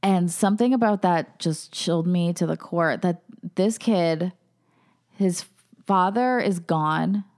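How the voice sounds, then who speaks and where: Lower-pitched lady cohosting a podcast, chatty and loose. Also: slow, darkish tone. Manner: conversational, many fillers. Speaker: podcast co-host. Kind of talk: casual chat.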